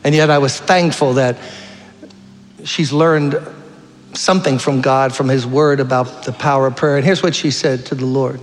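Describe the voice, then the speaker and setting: A man's voice: on the high side, fairly even intonation, moderate pace, long reverb tail. A man preaching a fervent sermon, telling stories and appealing to the congregation. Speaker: guest preacher. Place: church sanctuary.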